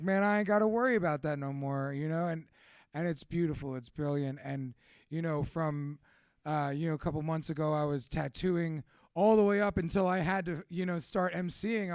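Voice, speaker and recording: A man's voice: fairly high pitch, vocal fry, a little mellow, no echo. A young man hosting a live community event at a tattoo shop, giving casual, rambling, profane closing remarks and laughing often. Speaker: event host and MC.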